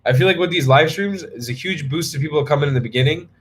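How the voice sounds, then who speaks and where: A man's voice: a little high, quick pace, slightly rough. A young man hosting a live stream, casually chatting, joking and answering viewers' questions with many ums and restarts.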